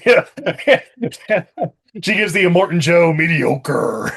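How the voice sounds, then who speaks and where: A man's voice: on the high side, big pitch swings, slow pace, creaky, fairly bright tone, husky. A man co-hosting a podcast, chatting about a movie in a jokey way and laughing often. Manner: jokey, laughs often, bursts into mock voices. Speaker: podcast co-host. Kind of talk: casual comedic movie chat.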